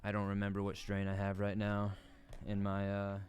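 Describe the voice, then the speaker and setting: A man's voice: lowish voice, monotone, moderate pace, darkish tone. A man from the Southern US streaming a football game, giving laid-back, joking play-by-play and laughing often. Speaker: gaming streamer. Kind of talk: casual gaming commentary.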